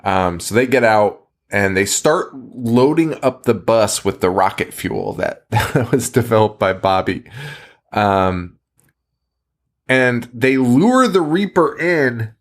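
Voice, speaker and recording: A man talks through a movie's plot in a loose, casual podcast chat. His pitch swings widely as he laughs through his sentences, swears freely and trips over his own restarts. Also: lively intonation, slow pace. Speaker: podcast host.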